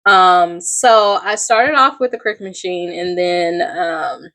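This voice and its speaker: A woman's voice: fairly low pitch, takes it slowly, a bit bright. A middle-aged woman, telling her story in a rambling, chatty personal vlog, full of fillers and asides. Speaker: small craft business owner.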